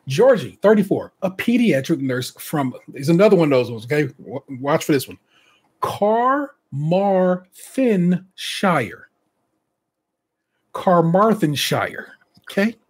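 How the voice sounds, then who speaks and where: A man's voice: a little high, animated, a little fast, few pauses, darkish tone, breathy edge. A man hosting a casual podcast, reading out contestant bios and breaking off for chatty asides and laughter. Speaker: podcast host.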